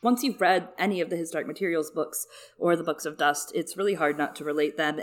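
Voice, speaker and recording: Woman podcast host, very low voice, lively chatty delivery. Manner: animated, laughing, chatty. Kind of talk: casual podcast chat.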